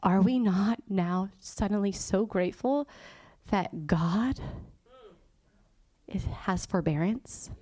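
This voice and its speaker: Her voice is medium in pitch, slow, and dark-toned, captured in a dry recording. She's a guest church teacher giving an informal, chatty sermon, often laughing and whispering to underline a point.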